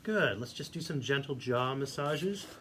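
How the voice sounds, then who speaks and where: A male voice teacher calmly guiding a singing warmup, giving encouraging instructions. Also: medium pitch, measured pace. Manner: demonstrates hums and vocal sounds. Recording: faint background noise.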